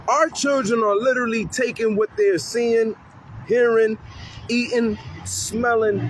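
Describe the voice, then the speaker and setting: A man's voice: high-pitched, a bit bright, a little hiss or hum, poor audio. A man who works with youth, talking casually and animatedly outdoors on a city street corner, swearing freely and acting out kids' voices. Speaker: community youth worker. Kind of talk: street interview talk.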